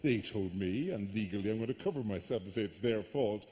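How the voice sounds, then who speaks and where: An Irish man performs stand-up in a large theatre, his voice trailing into a long reverberant tail. He tells stories in an animated way and swings into mock outrage. The style is a live comedy routine. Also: fairly low pitch, brisk. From Ireland.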